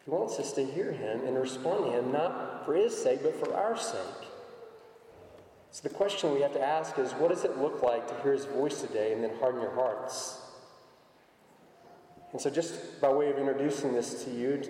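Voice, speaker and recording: A man's voice: mid-range voice, normal speed, dark tone, a little hiss or hum. A man preaching a conversational sermon, telling everyday stories to make his point. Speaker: pastor. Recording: echoey hall, voice from far off.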